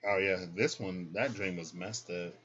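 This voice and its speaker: A man's voice: deep voice, measured pace, a bit bright, slightly rough. A man rambling in a casual vlog, hesitant and meandering as he thinks aloud about his dreams and tarot cards. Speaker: tarot vlogger. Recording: dull lo-fi sound with faint noise.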